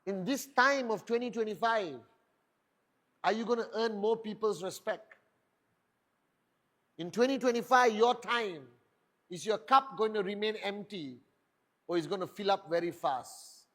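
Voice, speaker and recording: A man's voice: high-pitched, a little slow, long pauses, a bit bright. A man delivering a motivational talk as a network marketing leader, firing off rhetorical questions with emphatic punch. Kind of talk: motivational speech.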